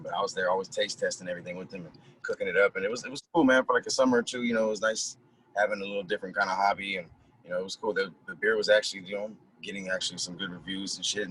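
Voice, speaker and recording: A man's voice: low-pitched, a bit bright, slight background noise, poor audio. A young man from California, a music producer, chatting casually as a podcast guest and telling loose stories full of slang and laughter. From Merced, California. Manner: laid-back, loose storytelling with frequent laughs and slang. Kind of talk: casual chat.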